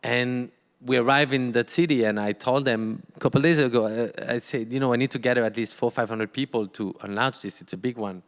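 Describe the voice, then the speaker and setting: A man, a guest artist telling a story on stage, halting often and acting out quoted dialogue. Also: medium pitch, big-room sound. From France. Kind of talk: storytelling in a live talk.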